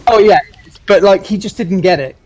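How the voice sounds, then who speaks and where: A man telling an animated story to friends in casual chat. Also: sits high, moderate pace, slightly rough. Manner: emphatic, animated anecdote. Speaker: gamer in voice chat.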